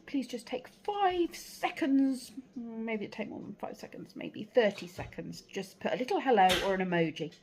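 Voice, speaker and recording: A woman's voice: fairly high pitch, animated, moderate pace, few pauses, a little mellow, slight background noise. A woman with a British English accent chatting casually to camera at home, rambling a little with fillers, tired and yawning. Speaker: vlogger. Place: at home and in her garden.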